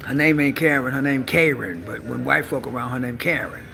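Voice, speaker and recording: A woman's voice: rumbling low, a little fast, vocal fry, few pauses, fairly bright tone, slight background noise. A woman giving a sassy, bawdy comedy monologue on a live stream, calling listeners honey.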